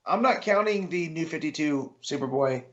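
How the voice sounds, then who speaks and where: A man on a podcast chatting with eager enthusiasm. His voice sits a little high for a man and comes through a dull, lo-fi microphone. He talks loosely, with fillers. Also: expressive, normal speed, a bit bright. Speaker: podcast co-host. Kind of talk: casual chat.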